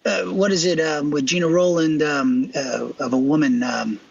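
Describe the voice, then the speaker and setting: Middle-aged male co-host, slightly high voice, rambling casual chat, dull dry lo-fi recording. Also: fairly even intonation, normal speed, vocal fry, breathy edge. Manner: rambling, laughs often, trails off mid-thought. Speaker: podcast co-host.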